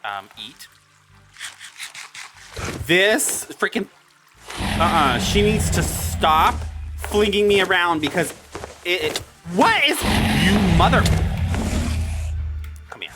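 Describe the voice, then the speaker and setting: A gaming video creator giving excitable let's-play commentary, exclaiming in surprise and talking back to the monsters on screen. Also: medium pitch, slow, pauses often. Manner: excitable, frequent startled exclamations; talks to the game mobs. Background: background music.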